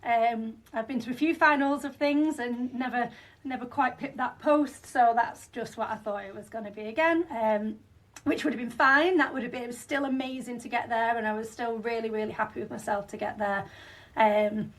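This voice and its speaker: Recorded from some distance, a franchisee guest in her thirties recounts her story in a podcast interview. She has a Northern English accent and a fairly high, steady voice at a moderate pace, chatting away with plenty of fillers and restarts.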